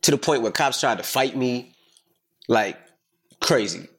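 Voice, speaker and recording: A middle-aged man hosting a casual podcast chat, telling a story in an emphatic, profane, animated way. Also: mid-range voice, a little slow, husky. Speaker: podcast host.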